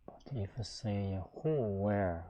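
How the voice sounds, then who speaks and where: A middle-aged man with a Chinese accent, a native Chinese speaker teaching a casual language lesson in halting English with many fillers and restarts. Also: on the low side, animated, dull audio.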